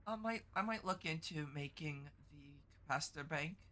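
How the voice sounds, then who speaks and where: A woman chats on her live stream, her voice stuffy and teary after a long cry. She talks haltingly and trips over her words. The tone is bright and sharp-edged. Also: sits low. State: teary and congested from crying. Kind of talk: casual live-stream chat.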